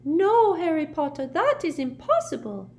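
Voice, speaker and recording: Dobby, a squeaky house-elf, as a woman puts him on. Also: very animated, normal speed, a little hiss or hum. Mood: insistent. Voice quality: squeaky, high and strained. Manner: formal, calls people sir. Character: squeaky eager male house-elf, small and devoted. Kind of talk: audiobook character voice.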